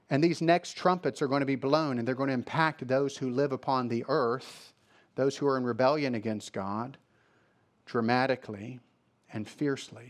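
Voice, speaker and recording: A male pastor preaching a sermon, reading scripture aloud and explaining it, repeating phrases for emphasis. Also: medium pitch.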